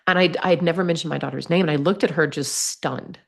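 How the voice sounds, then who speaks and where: A woman telling a personal story as a podcast guest, lively, acting out the voices she quotes. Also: low-pitched, fast talker, creaky, breathy edge. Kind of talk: storytelling in conversation.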